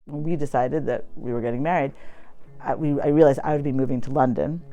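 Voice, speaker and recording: A woman's voice: rumbling low, fairly quick, dark tone, lo-fi sound, soft background music. Chatty American woman recalling her story. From United States. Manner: chatty and reflective, many fillers. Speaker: poet and academic. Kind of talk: personal storytelling interview.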